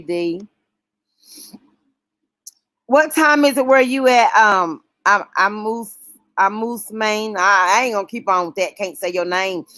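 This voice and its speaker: A woman hosting a casual late-night livestream, talking warmly and emotionally with her viewers. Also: mid-range voice, dry recording. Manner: emotional, folksy, talks straight to chat.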